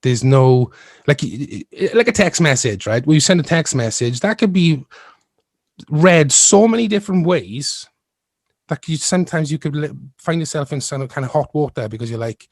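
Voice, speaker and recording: A man's voice: a little high, lively intonation, moderate pace, no room sound, clean studio sound. Rambling, thoughtful male podcast host. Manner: thoughtful, rambling, often laughs. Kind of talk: casual chat.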